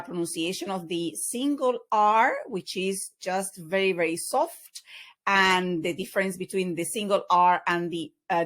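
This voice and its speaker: A woman teaches a language lesson over slides. She explains patiently and unhurriedly, often pausing on fillers. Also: mid-range voice, fairly bright tone. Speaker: Spanish teacher.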